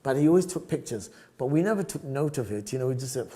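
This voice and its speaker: An older man from South Africa, a photographer telling stories as a podcast guest, lively and often laughing. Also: mid-range voice, fast talker. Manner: animated, acts out other people's voices, laughs often. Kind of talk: storytelling podcast interview.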